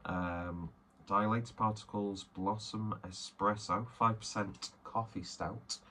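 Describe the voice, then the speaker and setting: A man's voice: on the low side, fairly even intonation, slow, a bit bright. A man chatting casually and self-deprecatingly as he unboxes and reviews beers, rambling with many fillers. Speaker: beer reviewer.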